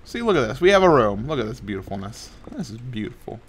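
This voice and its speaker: A man's voice: medium pitch, sing-song, fast, slightly rough. Rambling young man narrating his gameplay. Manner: rambling and playful, often laughing, trailing off quietly. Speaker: gaming channel host. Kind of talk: casual Minecraft commentary.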